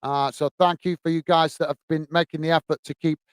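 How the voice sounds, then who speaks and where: Upbeat high-voiced stream host. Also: male voice, level tone, brisk, clear, resonant tone, dry recording. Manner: upbeat, repeats thanks and stock phrases. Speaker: host of a football fan channel. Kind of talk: live stream chat reading out viewer comments.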